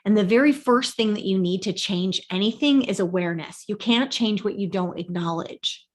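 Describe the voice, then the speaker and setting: A woman's voice: mid-range voice, normal speed. A woman life coach giving a teaching talk, earnest and emphatic, repeating her key points.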